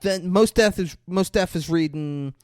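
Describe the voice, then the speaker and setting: A man's voice: high voice, a little slow, darkish tone, no echo, studio quality. A man co-hosting a podcast, recapping a movie in loose casual chat and acting out its lines with plenty of swearing. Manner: retells scenes acting out lines, swears a lot. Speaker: podcast co-host.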